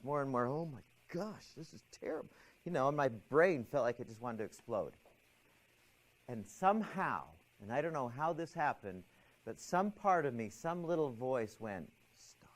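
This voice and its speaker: A middle-aged man teaching a stress management class, telling a personal story in an animated, expressive way with frequent restarts. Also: mid-range voice, moderate pace.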